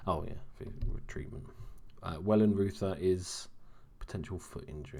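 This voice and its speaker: Young male gamer, very low voice, kept quiet and casual late at night. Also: normal speed, gravelly. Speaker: gaming commentator. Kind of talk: casual let's-play commentary.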